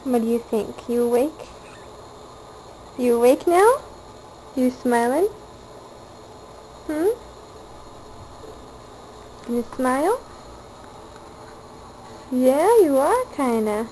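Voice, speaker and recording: A woman filming her baby at home by a changing table, talking in soft cooing baby talk into a handheld camera mic. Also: sits high, lively intonation, extremely slow, long pauses, a little hiss or hum, rough recording.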